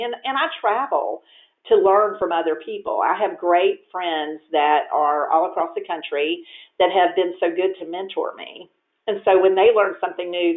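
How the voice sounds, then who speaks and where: A woman real estate agent who is a guest on a webinar, telling stories in a lively, chatty way with plenty of fillers. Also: lowish voice. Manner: lively storyteller, many fillers. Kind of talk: conversational webinar interview. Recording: tinny phone-like echoey audio.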